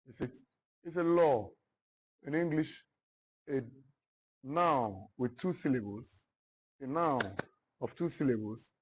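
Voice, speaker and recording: Husky guy teaching a class real slow, repeats everything, keeps asking if students follow. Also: medium pitch, darkish tone, low-quality recording. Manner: slow, repetitive, checks understanding often. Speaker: literature teacher. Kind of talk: classroom lecture.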